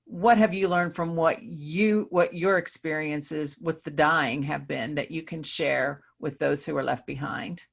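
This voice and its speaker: A woman hosting an interview podcast, asking thoughtful, searching questions with halting restarts. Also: low voice, steady tone, gravelly. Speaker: podcast host. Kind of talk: conversational interview.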